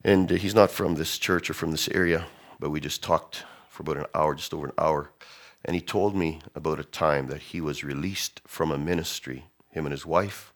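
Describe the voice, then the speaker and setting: A man preaching a sermon, animated, swinging from loud emphasis to hushed tones as he acts out quotes. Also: extremely low pitch, moderate pace. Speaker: pastor.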